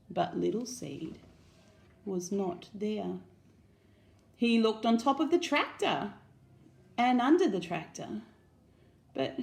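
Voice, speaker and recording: A woman with an Australian accent reading a picture book aloud to children, animated and asking them questions. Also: a little high, gravelly. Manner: animated, asks listeners questions. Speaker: children's story reader.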